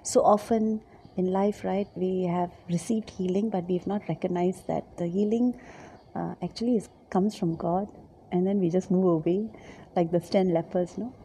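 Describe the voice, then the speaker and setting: A woman giving a devotional Bible reflection, speaking gently and haltingly, repeating her words and dropping now and then to a soft whisper. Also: fairly low pitch, steady tone, slight background noise. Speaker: Bible teacher.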